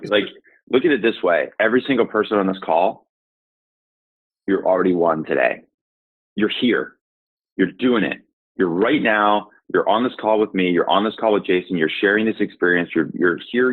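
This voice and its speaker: A man gives emphatic, repetitive pep talk on a group video call. His voice is husky. The sound is squeezed thin like an old phone line. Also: low voice, normal speed. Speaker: interview guest, startup sales coach.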